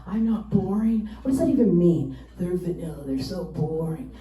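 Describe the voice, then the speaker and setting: A woman's voice: on the low side, moderate pace. Woman doing stand-up, roomy and distant. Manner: animated storytelling, acting out quotes in exaggerated voices. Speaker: stand-up comedian. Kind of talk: stand-up comedy set. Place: stage before a live audience. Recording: roomy live stage mic, distant, crowd laughter.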